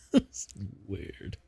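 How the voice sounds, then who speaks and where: A man's voice: very high-pitched, vocal fry, dry recording. A man commentating his own game stream, chatty and self-deprecating, laughing often. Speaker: VTuber streamer.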